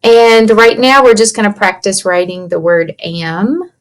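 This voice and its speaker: A woman teaching young children a writing lesson from her computer, slowly and patiently sounding out letters and words. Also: medium pitch. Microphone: computer mic.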